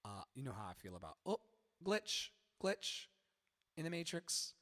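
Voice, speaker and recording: A man teaching a live-streamed singing lesson, animated, breaking into sung lyric lines to demonstrate. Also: on the high side, moderate pace, long reverb tail.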